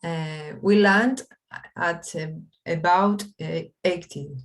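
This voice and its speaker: A woman with a Spanish accent, a student reading haltingly and searching for words. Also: lowish voice, faint music behind.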